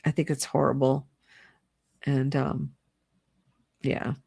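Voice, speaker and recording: A middle-aged woman whose voice sits low with a darkish tone hosts a livestream at home, a fire burning nearby. She vents about politics in a casual, exasperated way, laughing frequently and mocking people in put-on voices. Audio is studio quality with no room sound.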